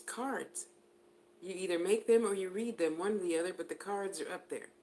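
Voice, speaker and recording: A woman's voice: lowish voice, normal speed, a little mellow. A woman giving a live spiritual reading to viewers. She talks in a chatty way, laughs often, and addresses people by name. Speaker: spiritual reader.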